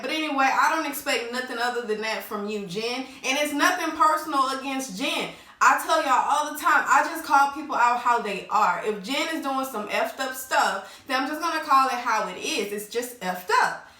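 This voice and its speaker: Blunt, high-voiced woman recapping reality TV. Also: lively intonation, moderate pace, sharp tone, echoey room, far from the mic. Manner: blunt and opinionated, mimics the cast's lines. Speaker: recap vlogger.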